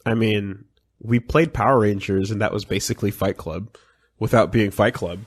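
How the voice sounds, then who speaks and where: A man's voice: lowish voice, fairly even intonation, normal speed, slightly rough. A man co-hosting a casual podcast. He is laid-back, swears casually and often chimes in to agree. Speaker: podcast co-host.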